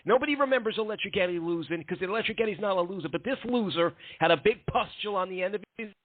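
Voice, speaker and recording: A man's voice: high-pitched, pitched above the performer's own voice. A man voicing a brash, cocky male gaming-champion persona who boasts and mocks. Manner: boastful, swaggering, mocking. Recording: dry, tinny phone-like line.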